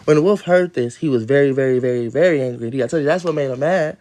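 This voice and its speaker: A man's voice: mid-range voice, fast talker, a little mellow. Rambling, profane man on a phone livestream. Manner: rambling, profane, laughing asides. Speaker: livestream host reading a storybook. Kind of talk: casual livestream read-aloud with commentary. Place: at home, moving from outdoors to his room.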